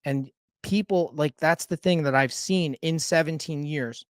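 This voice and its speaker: A man's voice: a little high, unhurried, no room sound, clean studio sound. A man in a conversation telling his own recovery story in a rambling, candid and casual way, with the odd swear word. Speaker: sobriety coach and guest storyteller.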